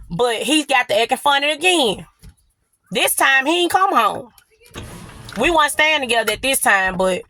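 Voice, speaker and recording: A woman's voice: on the high side, no room sound. A young woman casually telling a personal story, blunt and profane, acting out both sides of an argument. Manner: blunt, profane, animated retelling.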